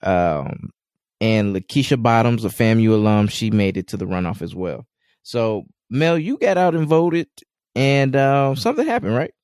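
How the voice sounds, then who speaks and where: A man's voice: mid-range voice, animated, moderate pace, a little mellow, dry recording, studio quality. A man co-hosting a podcast in a laid-back way with many fillers. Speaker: podcast co-host. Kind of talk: casual podcast chat.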